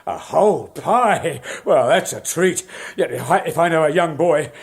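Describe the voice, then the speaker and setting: A man playing a brooding, vengeful barber in a radio musical drama, quiet and falsely friendly. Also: on the high side, animated, unhurried. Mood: sly.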